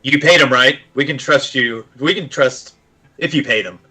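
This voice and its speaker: A man player joking loudly in character at the table. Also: mid-range voice, normal speed, soft background music, rough recording. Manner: loud, joking.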